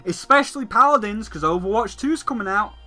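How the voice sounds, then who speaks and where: A man with a high, sharp, forceful voice rants as a gaming commentator. He is profane and sarcastic throughout. Faint music plays behind him. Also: animated, fairly quick.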